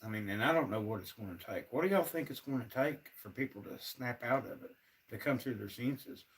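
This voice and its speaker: A man's voice: mid-range voice, animated, brisk, distant mic. A man, ranting to his viewers on a casual livestream, sounding frustrated and fed up. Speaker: livestream host.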